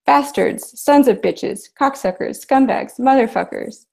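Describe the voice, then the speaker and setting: A woman voicing a voiceless, croaking man who shouts curses, during a literary reading, with a gravelly voice. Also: mid-range voice, moderate pace, natural voice. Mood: angry. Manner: shouting insults.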